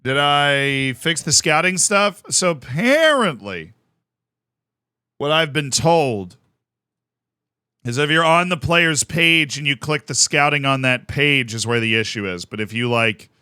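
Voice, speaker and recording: A man's voice: mid-range voice, sharp tone, clean tone, no room sound, clean studio sound. A young man from the United States chatting casually on a live stream, rambling and self-mocking as he thanks viewers by name.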